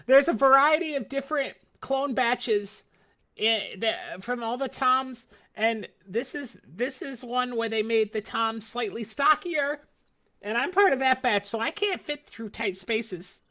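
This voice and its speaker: A woman's voice: a little high, measured pace, sharp tone. A woman playing a tabletop game, giggly and rambling. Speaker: player. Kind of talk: casual tabletop play.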